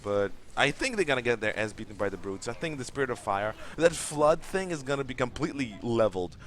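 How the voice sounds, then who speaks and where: A man's voice: mid-range voice, animated, brisk, a bit bright, slight background noise. A young man co-hosting a late-night gaming stream, chatting casually while he plays, rambling and opinionated and swearing freely. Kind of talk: casual gameplay chat.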